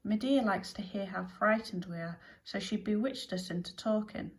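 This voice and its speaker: A woman voicing a sturdy, sorrowful mother ewe in a storybook reading, speaking gently. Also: mid-range voice, normal speed, lightly acted, low-quality recording. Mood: sad. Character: sad sturdy captive ewe, a mother sheep. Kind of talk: storybook character voice.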